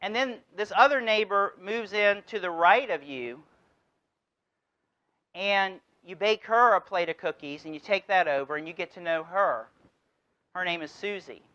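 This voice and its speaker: A man's voice: sits high, measured pace, sharp tone, lo-fi sound. A man giving a motivational keynote address, telling a story and driving his points home with rhetorical questions. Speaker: keynote speaker.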